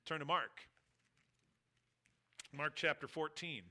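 A man's voice: on the high side, takes it slowly, sharp tone. A middle-aged man preaching an expository sermon, reading scripture aloud and acting out the speakers' words.

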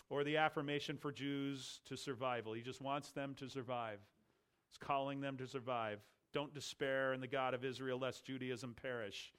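A man preaching an explanatory sermon, stressing key words and slowing down for emphasis. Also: fairly high pitch, a bit bright.

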